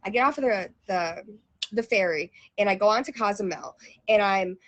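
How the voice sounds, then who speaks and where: A woman's voice: medium pitch, normal speed, fairly bright tone. A woman telling a personal travel story in a casual, chatty way, full of fillers and restarts.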